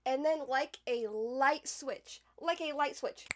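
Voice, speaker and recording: A woman's voice: high voice, slow pace, slight background noise. A young woman telling a personal story in a casual vlog, chatty and full of "like," with emphatic bursts. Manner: chatty, fills speech with "like", emphatic swings in loudness. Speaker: podcast host.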